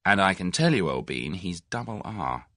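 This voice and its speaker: A man's voice: sits low, sing-song, normal speed, a bit bright, no room sound, studio quality. A man voicing a cheerful, practical young Englishman in a breezy manner.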